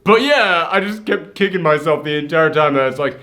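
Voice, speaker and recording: Man co-host, a bit high-voiced, casual and opinionated movie chat. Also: a little fast. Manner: lively, opinionated, acts out quoted lines. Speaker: co-host of a movie review show.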